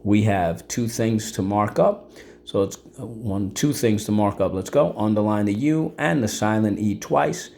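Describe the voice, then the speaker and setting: A man's voice: lowish voice, a little slow, vocal fry, darkish tone, slight background noise. A male teacher giving a vocabulary and phonics lesson, encouraging and checking in often with the class. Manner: encouraging, checks in with frequent "okay?".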